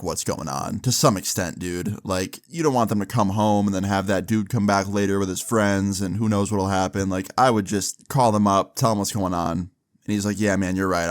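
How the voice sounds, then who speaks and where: A young man casually telling a long personal story, slangy and animated, acting out quoted dialogue. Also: on the low side. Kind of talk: casual storytime over gameplay.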